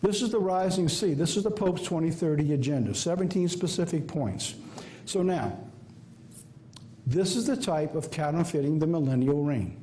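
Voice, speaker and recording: Southern preacher guy, folksy and emphatic, lots of rhetorical questions, warm-ish tone. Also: on the high side, expressive, normal speed, a little hiss or hum. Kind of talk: sermon. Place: church office or studio.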